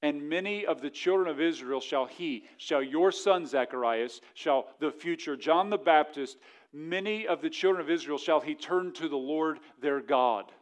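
A male pastor preaching a sermon fervently, dropping to a hush and then rising to emphatic points. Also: a little high. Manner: mocking voices of others in quick asides.

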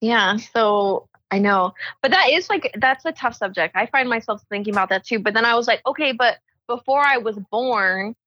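A woman's voice: fairly high pitch, moderate pace, few pauses, bright, forceful tone, no echo. Woman, podcast co-host, casual rambling chat, lots of "like", dull lo-fi recording, dry sound. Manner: rambling, leans heavily on "like".

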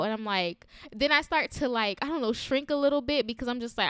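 A young woman hosting a faith-based podcast, speaking in a candid, chatty manner full of fillers and small laughs. Her voice sits a little high and sounds very smooth and clear. The recording is close and completely dry. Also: brisk, hardly any pauses, fairly bright tone, no echo. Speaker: podcast host.

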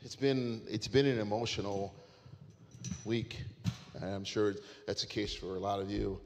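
A man telling a story in sermon style, building in intensity and then softening, speaking from a stage. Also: fairly low pitch, fairly even intonation, unhurried, slight background noise. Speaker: speaker at a church gathering. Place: stage of a large hall. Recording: long reverb of a large hall.

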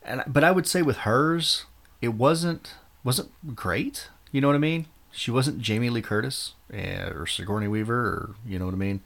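A man's voice: mid-range voice, normal speed, gravelly, fairly bright tone. An American man co-hosting a podcast, chatting casually and bluntly about films and swearing freely. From United States. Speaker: podcast co-host. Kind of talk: casual film chat.

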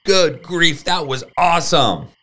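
A man voicing a friendly, eager new schoolgirl in a higher, excited voice. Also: normal speed, exaggerated voice. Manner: excited, higher-pitched girlish voice.

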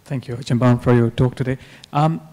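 A man's voice: mid-range voice, steady tone, fairly quick, dark tone. A man in the audience asking a hesitant, thoughtful question as a parent. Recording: distant in a reverberant hall.

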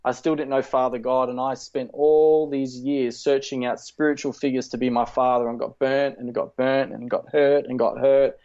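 A man in his thirties telling a personal faith testimony in an earnest, halting way, with many fillers and restarts. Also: mid-range voice, flat delivery, darkish tone. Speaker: speaker sharing a testimony. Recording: slightly dull, lo-fi sound.

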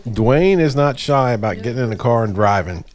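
A man's voice: medium pitch, lively intonation, a little fast. A man in a casual chat, jumping in with chuckling side comments. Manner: chuckling interjections.

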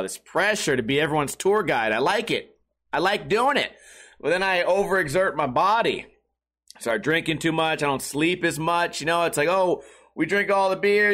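A man's voice: on the high side, fairly bright tone. A young man hosting a podcast, rambling through stories in a casual monologue, profane and sarcastic. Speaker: podcast host.

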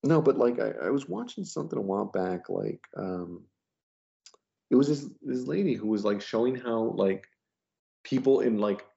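A man's voice: medium pitch, animated, normal speed, gravelly, mellow. A man chatting casually as a podcast guest, rambling with lots of fillers and restarts. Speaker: podcast guest, comic book letterer. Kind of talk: casual chat. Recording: dull lo-fi audio.

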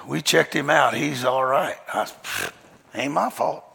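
A man preaching a sermon, telling a story in a folksy, emphatic way with slang, often shouting and laughing his way through it. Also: medium pitch, lively intonation, measured pace, vocal fry, husky. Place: large church hall. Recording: long hall reverb.

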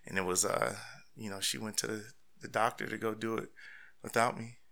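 Gravelly, bright-toned man recounting. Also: lowish voice, fairly even intonation, a little fast. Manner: rambling, many fillers and restarts. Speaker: father and husband. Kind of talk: personal story interview.

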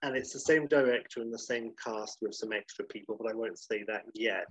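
A man's voice: on the low side, brisk, a bit bright, slightly rough, dry recording, poor audio. A man co-hosting a podcast in casual chat, rambling and correcting himself as he goes. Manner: rambling, self-correcting, enthusiastic. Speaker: podcast co-host.

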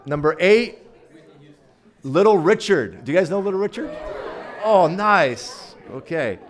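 A man's voice: high voice, lively intonation, a little slow. A man giving a casual sermon as guest preacher, chatty and playful, talking straight to his audience.

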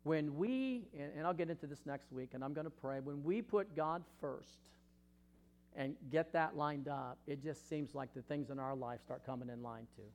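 A man preaching a sermon as pastor, impassioned, swinging between ringing questions and hushed asides. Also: on the high side, normal speed, slight background noise.

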